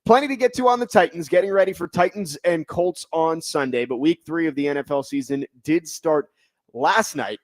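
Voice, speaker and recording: A man hosting sports talk radio from a studio, upbeat and smooth with sponsor plugs. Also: on the high side, moderate pace, no echo. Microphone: studio microphone.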